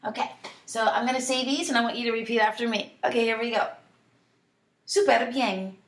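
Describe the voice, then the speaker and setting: A woman teaching a Spanish lesson from home, drawing out model phrases slowly so students can repeat them. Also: fairly high pitch, little pitch movement, a bit bright. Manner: slow, drawn-out model phrases for repetition. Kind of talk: online language lesson. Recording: echoey room.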